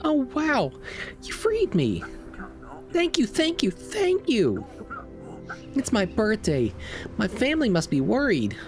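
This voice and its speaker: Lost young boy in a game, frightened and pleading, pushed up high, voiced by a streamer reading the lines. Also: huge pitch swings, takes it slowly, long pauses, faint music behind, heavily acted. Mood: relieved. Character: lost young boy blown away by wind.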